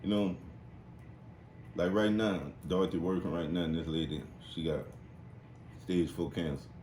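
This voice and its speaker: The man tells stories on his podcast at a moderate clip, casual and crude, with lively high-pitched impressions of the people in them. You can hear a roomy echo and faint background noise.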